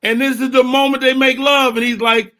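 A man co-hosting a comedy podcast, telling a story with animated acted-out bits. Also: very high voice, fairly quick. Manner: animated, acting out scenes and shouting quotes. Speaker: podcast co-host. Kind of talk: comedic debate banter.

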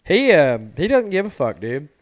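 A man's voice: fairly high pitch, big pitch swings, normal speed, no echo, dull audio. A young man co-hosting a casual chat, swearing freely and telling stories with animation. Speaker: podcast co-host.

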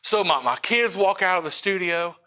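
Male missionary preacher, middle-aged, bright tone, chatty storytelling sermon with asides to the crowd. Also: high-pitched, lively intonation, moderate pace. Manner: casual storytelling with frequent asides to the audience. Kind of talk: sermon testimony.

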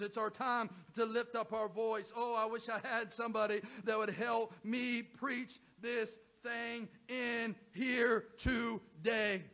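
A man preaching a sermon to his church and online viewers, building repeated rhythmic phrases into shouted climaxes. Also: sits high, vocal fry. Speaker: pastor.

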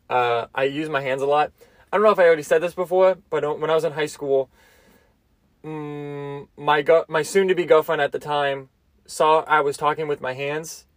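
A man's voice: fairly high pitch, no echo. A young man hosting a solo comedy podcast, telling loose, crude stories with lots of restarts and self-amused asides. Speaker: podcast host. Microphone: close mic, seated.

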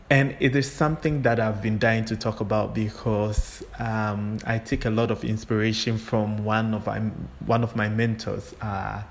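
A man hosting a solo podcast, talking in an unhurried, reflective way with frequent fillers. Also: lowish voice, slight background noise. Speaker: podcast host.

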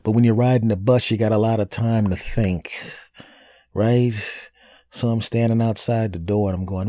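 A man hosting a podcast, telling a personal dating story in a casual, animated and crude way, joking and scatting silly sounds. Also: fairly low pitch, moderate pace, no echo, clean studio sound. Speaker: podcast host.

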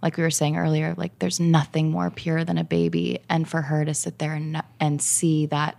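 A woman who is a podcast guest, speaking in soft, searching, halting phrases. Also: low voice, flat delivery, creaky. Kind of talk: casual conversation.

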